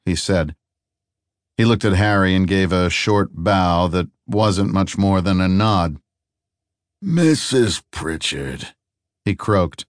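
A man reading a novel aloud in a steady, measured way. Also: sits low, clean tone, dry recording, clean studio sound. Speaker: audiobook narrator. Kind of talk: scripted narration.

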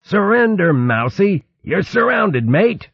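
A man voicing a gruff, boisterous female otter aunt who shouts and teases in rough, rustic grammar. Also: sits high, big pitch swings, slow, no echo, highs cut off, pitched above the performer's own voice, heavily acted.

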